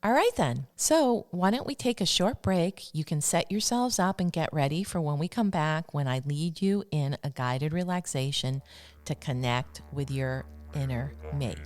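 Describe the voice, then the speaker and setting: A woman hosting a spiritual self-help radio talk, speaking slowly and soothingly as she leads listeners through repeated affirmations. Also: low voice, animated. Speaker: radio show host.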